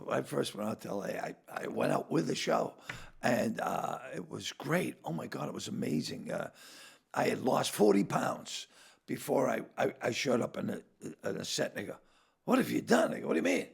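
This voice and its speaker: Gravelly older man telling animated stories. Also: mid-range voice. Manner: animated, acts out dialogue in quick bursts. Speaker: comedian guest. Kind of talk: storytelling in casual chat.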